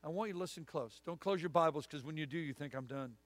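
A middle-aged guest preacher with a fairly high voice speaks fast, delivering a sermon with an altar call in a church sanctuary. His style is folksy and full of stories, with punchy, emphatic lines.

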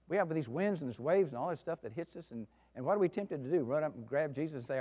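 A man's voice: on the high side, lively intonation, fast, few pauses. Folksy preacher man in a reverberant hall. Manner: folksy storytelling, shifting from soft asides to loud outbursts. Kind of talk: sermon.

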